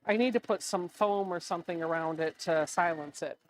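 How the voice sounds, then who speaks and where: A woman's voice: lowish voice, fairly quick, slight background noise. A woman in her thirties hosting a chatty livestream from her home sewing room, giggling often and reading viewer comments aloud. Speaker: livestream host.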